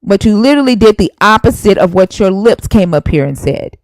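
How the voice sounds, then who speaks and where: A woman's voice: mid-range voice, animated, fairly quick, darkish tone, dry recording, poor audio. A woman hosting a live stream, arguing heatedly and scolding a viewer while citing scripture verses. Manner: emphatic, scolding, cites scripture.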